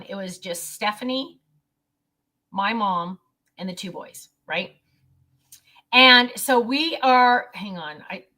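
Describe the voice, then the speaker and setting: A middle-aged woman telling a family story in a casual vlog, animated and quick to laugh. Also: medium pitch. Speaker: vlogger.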